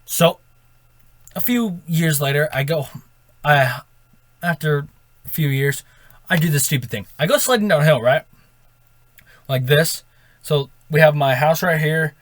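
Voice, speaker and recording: Rambling higher-voiced man telling a story. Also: dry recording. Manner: rambling, with self-corrections and "right?" tag questions. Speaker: storytime vlogger.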